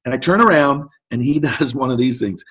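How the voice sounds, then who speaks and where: A man's voice: medium pitch, normal speed, slightly rough. A middle-aged man telling a story as a guest in an interview, acting out the voices of the people he quotes. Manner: animated anecdote-telling, acts out quoted voices. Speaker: guest speaker.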